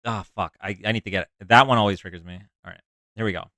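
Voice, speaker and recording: A man's voice: lowish voice, steady tone, rapid-fire, pushed and bright, no echo, studio quality. A man hosting a casual livestream, chatting and explaining a word game to his chat with frequent restarts. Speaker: livestream host.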